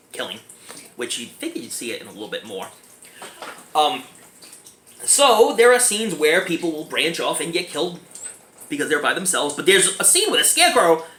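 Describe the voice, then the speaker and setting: Giggly animated man reviewing a movie. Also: on the high side. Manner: giggly, animated, keeps breaking into laughter. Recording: echoey room, faint background noise.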